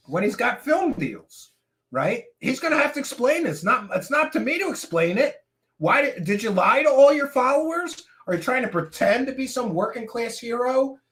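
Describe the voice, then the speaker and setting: A man hosting his own commentary show, ranting sarcastically and breaking into shouts at times. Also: a little high. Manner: animated, sarcastic, bursts into shouting. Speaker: show host.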